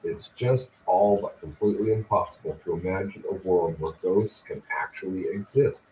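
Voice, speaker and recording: A man, the host of a podcast, reading a book aloud slowly and deliberately. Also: sits low. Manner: slow, deliberate, even reading. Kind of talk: audiobook-style reading. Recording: distant mic with faint background noise.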